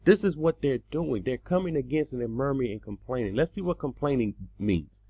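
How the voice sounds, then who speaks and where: Male preacher, lively swooping pitch, gravelly husky voice, dull lo-fi sound. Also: a little fast, dry recording. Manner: impassioned, rising to loud emphatic bursts. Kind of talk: scripture teaching sermon.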